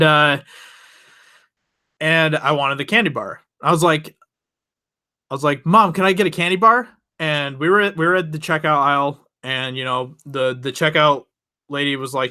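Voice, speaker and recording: Bright-voiced young man telling a story. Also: medium pitch. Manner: rambling, chatty, laughs often, many restarts. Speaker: channel host. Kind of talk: casual late-night storytelling to viewers.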